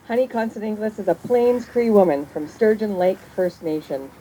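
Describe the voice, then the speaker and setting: A woman hosting an event, reading a formal introduction of the next speaker in a measured, earnest way. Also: medium pitch, expressive, mellow, slight background noise, low-quality recording.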